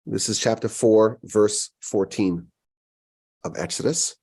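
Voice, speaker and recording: A man giving a Torah lecture as a rabbi, animated and acting out quoted voices. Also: slow, creaky. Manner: animated, acts out quoted voices with big pitch jumps.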